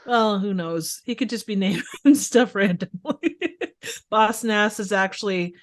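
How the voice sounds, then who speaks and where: A woman guesting on a casual movie podcast, enthusiastic and quick to laugh, sometimes searching for words. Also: medium pitch.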